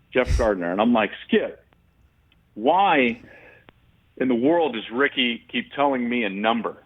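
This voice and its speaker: A man, a guest sports analyst, telling a story in an animated way and laughing as he goes. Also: mid-range voice, phone-quality sound. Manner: laughs through his story.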